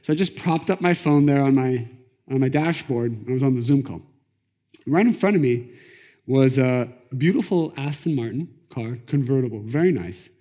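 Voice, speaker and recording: A middle-aged man teaching a class on Kabbalah, telling stories in a lively conversational way. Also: medium pitch, normal speed. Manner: animated, conversational, acts out quotes. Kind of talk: lecture storytelling. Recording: echoey lecture hall.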